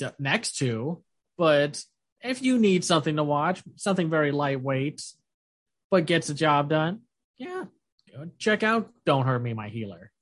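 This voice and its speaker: A man's voice: on the high side, very animated, a little slow. A man hosting a casual anime review chat, retelling scenes in goofy voices and laughing often. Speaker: podcast host.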